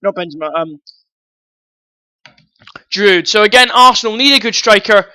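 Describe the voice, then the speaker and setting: A man with a high, bright, sharp-edged voice rants about football transfers, blunt and quick to swear. He talks straight at his viewers, calling them guys. The sound is close and dry, with no room around it. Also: no room sound, rough recording. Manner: blunt, ranting, swears freely. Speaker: football vlogger. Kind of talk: opinionated transfer-news rant.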